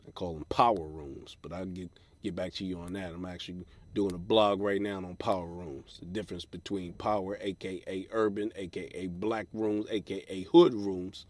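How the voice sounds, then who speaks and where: A man hosting a comedy podcast alone, ranting profanely from his car in a parking lot and mocking people in a high falsetto. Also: fairly even intonation, moderate pace, hardly any pauses, a little mellow. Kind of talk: solo comedy podcast rant.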